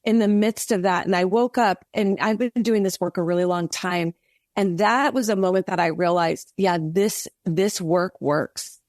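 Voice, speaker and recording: A woman guest on a podcast, telling an earnest, animated faith story with many restarts. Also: on the low side, moderate pace, dry recording, clean studio sound. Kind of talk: faith testimony in casual interview.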